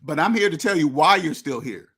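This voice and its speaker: A man with a slightly higher-than-usual voice lecturing his viewers bluntly about money. He repeats himself, restarts his sentences and talks straight at the listener. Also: animated, a little fast, pushed and bright, breathy edge. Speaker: finance channel host. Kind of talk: direct-to-camera rant.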